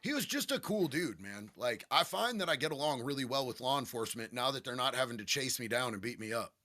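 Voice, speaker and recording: A man's voice: medium pitch, expressive, fast, sharp tone, no echo. A man, a podcast guest, telling stories in a casual, profane, laid-back way with lots of "bro.". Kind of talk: casual storytelling chat.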